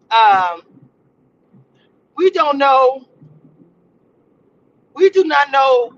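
Woman, very high voice, bright and sharp, casual livestream review host, slangy, laughing, slightly muffled sound. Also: slight background noise. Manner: animated, slangy, laughing a lot. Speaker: entertainment reality-show review host.

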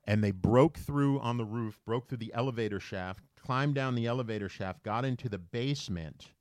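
A man's voice: mid-range voice, moderate pace, dry recording. Guy on a podcast telling a wild story, does the voices, dry close mic. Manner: animated, acts out quoted voices. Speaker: podcast co-host. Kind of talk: casual storytelling chat.

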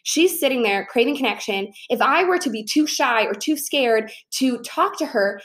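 Young woman vlogger, chatty storyteller, a touch higher-pitched voice, casual and animated delivery. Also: moderate pace. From Chicago, USA. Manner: chatty, animated, lots of fillers like "like" and "you know". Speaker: vlogger giving social tips.

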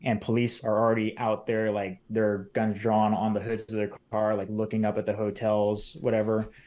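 A man with a fairly low voice talks as a podcast guest. He tells his story casually and in detail, acting out the lines people said and leaning on fillers like "like.". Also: little pitch movement, normal speed, a little mellow. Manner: retells events in detail, acting out quoted lines, many fillers like "like".

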